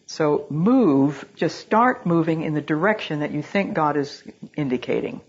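A woman with a low, husky voice preaches a sermon on a dull, lo-fi recording. She speaks earnestly and reads scripture in a solemn, old-fashioned cadence. Her stories unfold steadily. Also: lively intonation, unhurried. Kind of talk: sermon with storytelling.

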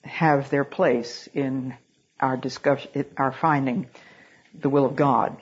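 A woman's voice: rumbling low, steady tone, takes it slowly, slightly rough, highs cut off. A woman preaching a sermon, telling stories in an earnest way and quoting scripture in a solemn, old-fashioned cadence. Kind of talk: sermon with storytelling.

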